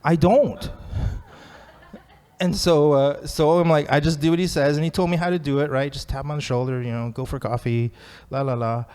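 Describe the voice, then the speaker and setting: A man's voice: a little high, fairly even intonation, normal speed, darkish tone, clean tone. A man sharing his recovery story at a meeting, chatty and self-deprecating, laughing often. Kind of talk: personal story at a recovery talk.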